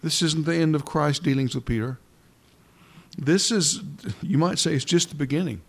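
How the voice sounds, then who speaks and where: A man preaching a sermon, earnest and fervent, with frequent repeated phrases and halting restarts. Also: a little high, slightly rough.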